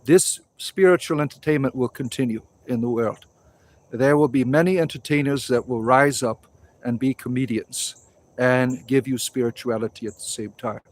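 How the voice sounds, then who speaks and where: A man's voice: mid-range voice, moderate pace, a little mellow. A man in his forties hosting a casual livestream outdoors, rambling through viewer comments and swearing freely. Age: 40s. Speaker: livestream host.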